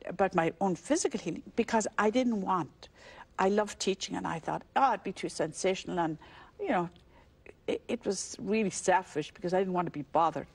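An older Irish woman with an Irish accent speaks in a fairly low, brisk, slightly rough voice. She is a religious sister recounting her calling in a conversational interview, acting out the voices in the story and laughing easily.

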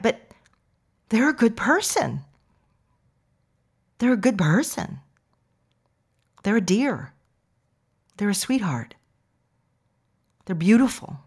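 A woman hosting a personal growth podcast, talking casually and then slowly speaking affirmations to the listener. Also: mid-range voice. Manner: chatty, warm affirmations, laughs often. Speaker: podcast host.

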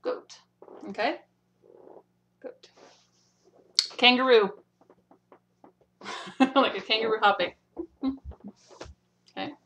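A woman's voice: on the high side, fairly bright tone. A woman teaching signs in a video lesson, patient, demonstrating each one and often checking in with "okay?". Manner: demonstrates slowly, repeating each word. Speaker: sign language teacher.

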